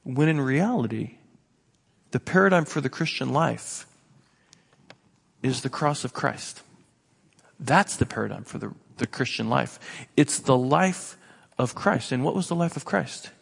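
Guy preaching in a big echoey church, gravelly husky voice, animated and kinda sarcastic. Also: medium pitch, unhurried, long pauses. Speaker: pastor. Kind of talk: sermon.

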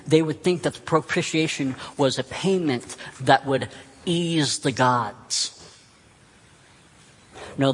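A man's voice: medium pitch, slightly rough, big-room sound, low-quality recording. A man preaching a sermon as pastor, earnest and emphatic, repeating key phrases.

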